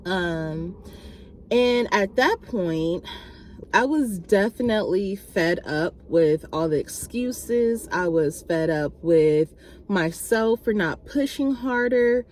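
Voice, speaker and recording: A woman vlogger telling a personal story to camera in a casual, animated way, acting out quoted exchanges. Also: slow pace, a little hiss or hum. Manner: animated, acts out quoted exchanges with big pitch jumps; many fillers and restarts, talks to viewers directly.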